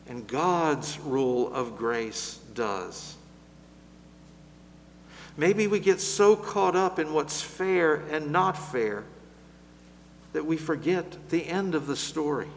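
Preaching slowly and deliberately, a high-voiced man grows louder as he works through lists, then eases into a soft, gentle close. The sound carries the feel of a big room.

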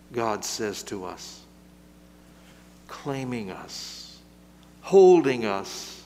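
A man preaching a sermon in a slow, measured way, building louder through lists and then dropping to a soft, gentle close. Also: mid-range voice, sing-song, big-room sound, slight background noise.

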